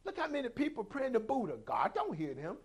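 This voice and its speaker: High-voiced preaching man. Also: huge pitch swings, fairly quick, husky. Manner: preaching with call-outs, acting out quoted voices. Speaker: pastor. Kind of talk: sermon.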